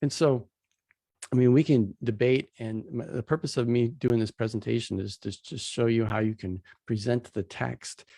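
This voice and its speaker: A man's voice: mid-range voice, fairly even intonation, normal speed, creaky, warm tone, no echo. A man casually teaching a Bible passage, retelling its scenes in plain, everyday slang as he walks through slides.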